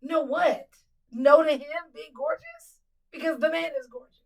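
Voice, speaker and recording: A woman co-hosting a podcast in casual, animated chat, teasing and laughing often. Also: sits high, normal speed, creaky, distant mic, rough recording. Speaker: podcast co-host.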